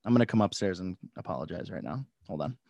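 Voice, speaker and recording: A man's voice: deep voice, expressive, fast talker, gravelly, dark tone, a little hiss or hum. A young man hosting a casual live stream from his home studio, laid-back, laughing often and swearing freely. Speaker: podcast host.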